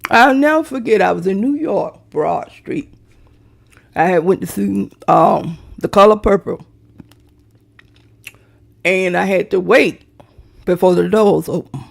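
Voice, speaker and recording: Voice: mid-range voice, very animated, measured pace, vocal fry, pauses often. A middle-aged vlogger ranting to viewers in a brash, profane, theatrical way, straight into a phone or webcam.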